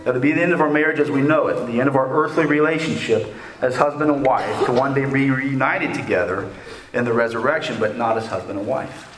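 A man's voice: medium pitch, fairly quick, noisy background. A man in his forties giving a sermon as a guest preacher, telling a personal story in a folksy, joking way and often asking "okay?". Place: church sanctuary. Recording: echoey church room.

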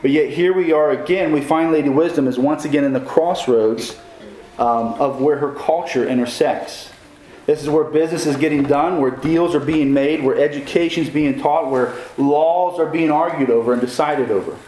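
A man's voice: fairly high pitch, normal speed, a little mellow, a little hiss or hum. Man preaching in an echoey room. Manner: preaching with questions to the congregation. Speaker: pastor. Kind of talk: sermon.

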